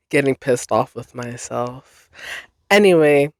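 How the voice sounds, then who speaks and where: A young woman talks through her solo podcast at an unhurried, drawn-out pace, losing her thread and apologizing for it. She sounds close and dry, with no room echo around her voice. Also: deep voice. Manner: rambling, self-deprecating, swears and laughs often. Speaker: podcast host. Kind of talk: casual solo chat.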